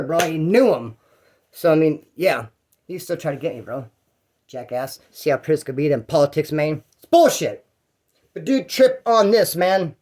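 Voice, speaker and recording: A man with a notably high voice tells a prison story in loose, casual fashion. His talk rambles along in slang and cursing. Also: darkish tone. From California.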